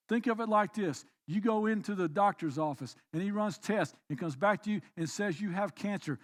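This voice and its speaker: A man pastor preaching a sermon, swinging between quiet reflective passages and emphatic, raised exhortations. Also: high-pitched. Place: church.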